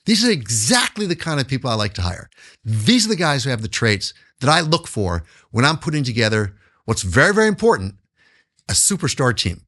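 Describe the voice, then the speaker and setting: A man's voice: mid-range voice, very animated, brisk, a bit bright. A man answering interview questions as a business guest, emphatic and repeating words for stress.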